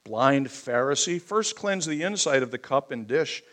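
A man preaching a sermon, thundering scripture and then softening into personal asides. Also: animated, normal speed. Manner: booming scripture reading, softening into emotional asides. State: choked up.

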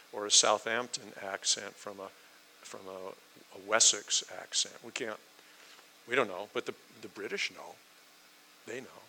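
An American man preaches a Bible-teaching sermon, putting questions to his listeners and acting out the scenes he describes. His delivery is animated and his tone is very bright and crisp. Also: lowish voice, slight background noise, rough recording. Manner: animated, asks listeners questions, acts out quotes.

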